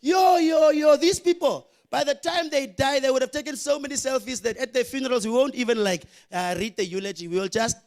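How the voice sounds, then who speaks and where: A young Namibian man doing a stand-up comedy routine, animated, shouting his punchlines and acting out characters. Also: very high voice, fast, few pauses. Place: comedy venue with live audience.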